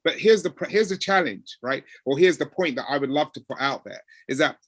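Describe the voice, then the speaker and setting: Here a man with a slightly rough, somewhat high voice talks a little fast in a casual way about code switching on the job. He animatedly performs the back-and-forth conversations he recounts. There's no echo.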